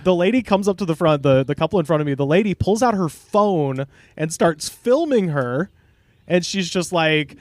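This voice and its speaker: A man telling a story on a podcast in a casual, animated way, laughing often and swearing offhand. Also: a little high, moderate pace, no room sound. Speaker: podcast guest.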